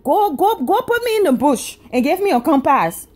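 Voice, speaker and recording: Brief: high-pitched woman from Africa, indignant comedic storyteller who repeats for emphasis. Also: sing-song, moderate pace, a little mellow. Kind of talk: comedic rant to camera.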